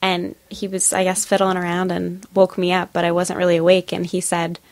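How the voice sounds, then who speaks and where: A woman's voice: fairly low pitch, a little fast, dry recording. Woman chatting with many ums. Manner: relaxed, many ums while recounting. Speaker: podcast co-host. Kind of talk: casual chat.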